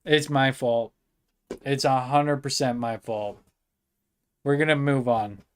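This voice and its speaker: A man's voice: medium pitch, fairly even intonation, slow pace, smooth. A young man streaming live, talking casually, frustrated and swearing a lot as he vents about technical trouble.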